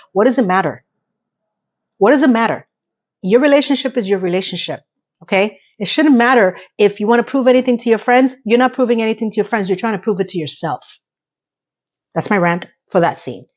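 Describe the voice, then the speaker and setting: Chatty woman recapping a TV episode. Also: muffled recording. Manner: chatty, acts out quotes with shifting pitch. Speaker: recap host.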